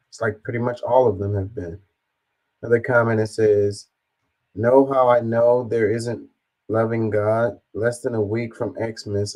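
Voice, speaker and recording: A man with a fairly low voice reacts to news in a loose, casual way. He reads viewer comments aloud and answers them bluntly, dropping the odd swear word. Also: a little mellow, low-quality recording.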